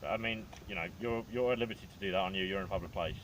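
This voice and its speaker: A man working as a police officer, asking questions outdoors in a measured, polite, procedural way. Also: low voice, fairly bright tone, slight background noise, low-quality recording. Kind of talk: calm questioning. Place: outdoors on a street.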